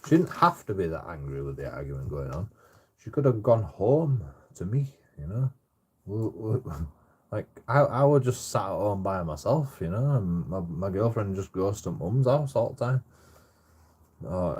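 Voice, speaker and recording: A man rambles through a story in a relaxed, unscripted way, peppering every sentence with swearing and "you know". His voice sits low with a husky, slightly rough edge, and the delivery wanders and circles back on itself. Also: normal speed. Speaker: storyteller recounting his own troubles. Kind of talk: casual rambling monologue.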